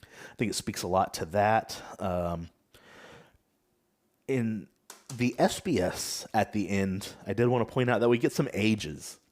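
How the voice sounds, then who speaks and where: A podcast host with a fairly low, darkish voice leads a casual discussion, recapping in a measured, thoughtful way with some hesitations.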